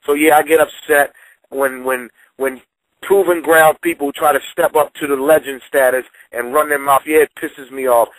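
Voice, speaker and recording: A man's voice: a little high, steady tone, moderate pace, a bit bright, dry recording, low-quality recording. A man hosting a call-in show, arguing with callers and repeating himself in insistent bursts. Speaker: show host. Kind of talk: heated call-in radio banter.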